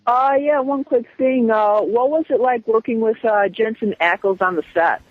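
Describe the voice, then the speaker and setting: A man's voice: very high-pitched, moderate pace, no room sound. A man calling in to a radio show, asking a short, hesitant question with fillers. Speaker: radio call-in listener. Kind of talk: phone call to a radio show. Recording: tinny phone line, dry.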